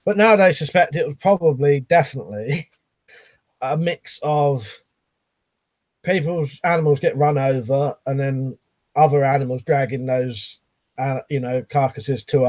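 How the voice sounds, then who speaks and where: A man's voice: medium pitch, a little slow, pauses often, darkish tone, lo-fi sound. A middle-aged man chatting casually on a live stream, reading out viewer comments and rambling, swearing freely.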